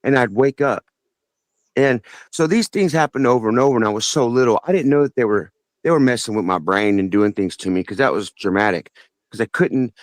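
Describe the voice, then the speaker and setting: A man's voice: mid-range voice, expressive, no room sound. Earnest rambling male caller. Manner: earnest, rambling, halting with many restarts. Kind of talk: casual phone-in storytelling.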